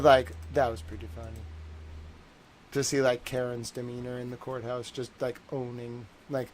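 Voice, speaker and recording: A man with a Boston accent hosting a livestream, giving casual, animated, slangy commentary on a court trial and repeating his jokes. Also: mid-range voice, a little hiss or hum. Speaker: livestream host.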